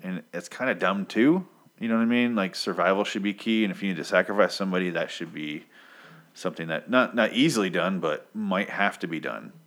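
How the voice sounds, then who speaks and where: A man casually recapping a comic, rambling and swearing, and breaking into animated quotes of the characters. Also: low-pitched, brisk. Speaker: comic book reviewer.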